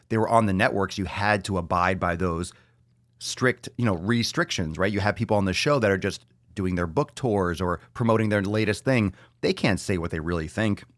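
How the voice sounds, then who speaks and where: Here a low-pitched man is heard in a dry, clean studio recording. He's a podcast host doing a solo rant, blunt, sarcastic, and full of swearing, with lines repeated for emphasis, followed by a Q&A with his audience.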